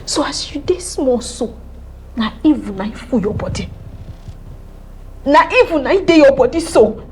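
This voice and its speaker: A young Nigerian older sister who scolds and accuses in a high voice. She sounds worn down by hardship and turns her anger on her sibling. Faint room noise sits under the film dialogue. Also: lively intonation, moderate pace, long pauses. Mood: bitter. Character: bitter, struggling older sister, young woman. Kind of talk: Nollywood film acting.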